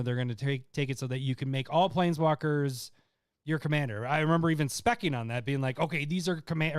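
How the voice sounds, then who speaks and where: A young man co-hosting a podcast, chatting casually and laughing between his points. His voice is smooth and slightly higher than most men's, and the sound is close and dry with no room around it. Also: dry recording. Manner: laughs often, rambling and joking. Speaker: podcast co-host. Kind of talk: casual chat.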